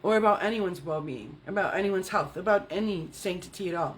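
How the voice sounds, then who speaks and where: A woman's voice: lowish voice, fairly quick. A middle-aged woman, an energy healing and fitness coach, talking candidly and bluntly with plenty of swearing, often checking in with "right?" and "okay?". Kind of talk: candid casual monologue.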